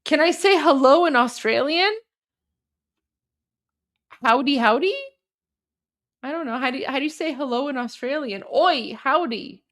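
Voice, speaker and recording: A woman with a high voice hosts a casual livestream. She chats in a loose, rambling way, answering her viewers' messages as they come in. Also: quick pace, few pauses. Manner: chatty, rambling, reading chat aloud. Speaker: livestream host.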